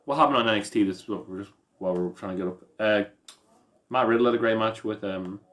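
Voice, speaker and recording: A man's voice: fairly low pitch, fast, a bit bright. A tired Irish man co-hosting a podcast, rambling and stumbling through recaps in casual chat. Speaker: podcast co-host.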